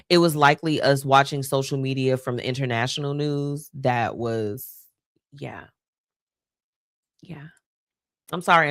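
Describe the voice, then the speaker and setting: A woman's voice: a bass voice, no echo, clean studio sound. A woman hosting a live stream, talking casually and animatedly to viewers, laughing often. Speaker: host.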